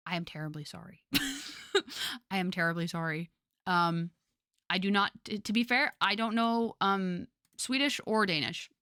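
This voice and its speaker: A woman's voice: medium pitch, expressive, unhurried, pauses often, bright, forceful tone, smooth, no echo, studio quality. A young woman streamer chatting casually with her viewers, rambling with lots of fillers and frequent laughter.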